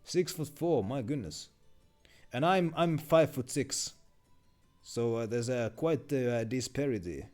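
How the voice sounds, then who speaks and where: A man's voice: mid-range voice, lively intonation, measured pace, darkish tone, soft background music. A man streaming a video game, chatting casually and rambling with lots of fillers.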